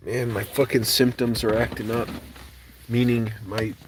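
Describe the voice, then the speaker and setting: A man's voice: medium pitch, flat delivery, measured pace, a little hiss or hum. A man hosting a livestream, ranting casually and angrily with lots of swearing. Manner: profane, agitated ranting. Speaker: livestream host.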